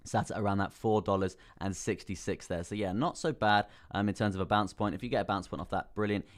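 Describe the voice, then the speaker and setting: A man's voice: lowish voice, fairly even intonation, quick pace. A man hosting a live crypto stream, talking casually through chart analysis, repeating phrases and calling viewers bro. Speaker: crypto livestream host.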